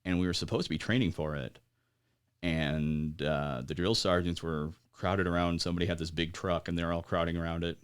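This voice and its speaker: A man in his forties, an American military veteran, telling his story as a podcast guest in a halting way, with lots of fillers and wry laughs. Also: low voice, fairly even intonation, clear, resonant tone. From United States. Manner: halting, many fillers, laughs at grim moments. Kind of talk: conversational interview storytelling.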